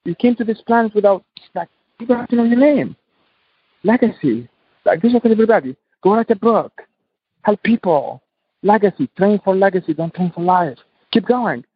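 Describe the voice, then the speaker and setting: A man's voice: sits high, lively intonation, normal speed, husky, no echo, muffled recording. A man, a podcast guest, speaking passionately in emphatic, repetitive English. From Tunisia. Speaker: guest entrepreneur. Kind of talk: podcast interview.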